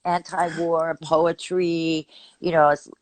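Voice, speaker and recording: Older woman, from Texas, vocal coach, lowish voice, animated, laughs a lot, dry close recording. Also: takes it slowly, no room sound. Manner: animated, laughs often, demonstrates vocal sounds. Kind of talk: casual interview chat.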